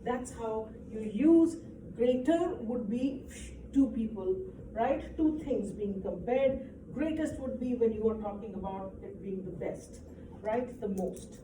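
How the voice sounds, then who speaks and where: A woman's voice: a little high, slow pace. A woman teaching an English grammar lesson to a class, explaining patiently and often checking with "right?". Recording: echoey room, distant mic, faint noise.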